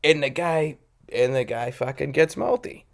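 A man's voice: a little high, animated, moderate pace, creaky. Male co-host, casual chat, cusses constantly, acts out voices in his stories, petty and combative. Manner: petty and confrontational. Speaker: podcast co-host.

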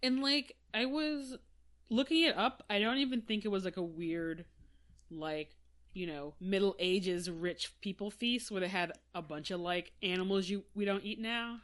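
Woman co-host, casual book-podcast chat, rambling, word-searching, trails off soft. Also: medium pitch, moderate pace.

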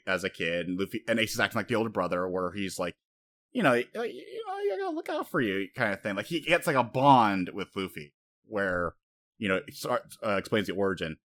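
A man co-hosting a casual podcast, rambling and animated as he retells story scenes, slipping into quoted voices. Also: lowish voice. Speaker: podcast co-host. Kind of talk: casual anime discussion.

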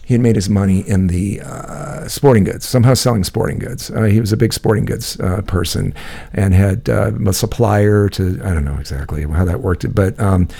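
A man's voice: fairly low pitch, normal speed, vocal fry, warm tone. A man telling a rambling, profane story in casual chat, laughing often.

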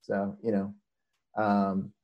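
A man's voice: on the low side, monotone, takes it slowly, dull audio. A man in casual chat telling a rambling story, acting out what others said. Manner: rambling, many fillers and restarts, acts out quotes.

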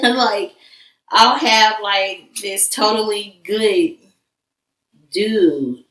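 Her voice is on the low side with a fairly bright tone, and she's far from the mic in a room that echoes. As a guest, she speaks frankly and with emphasis about her past, keeping the conversation relaxed and personal.

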